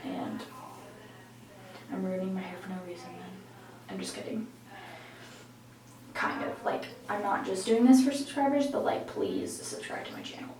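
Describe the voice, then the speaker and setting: A teenage girl talks through a home vlog, nervous and giggly, rambling from one thought to the next. Her voice sits a little high and sounds roomy, picked up from a short way off the mic. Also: lively intonation, normal speed, long pauses, noisy background. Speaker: vlogger. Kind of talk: casual vlog chat. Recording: echoey room, mic a bit far.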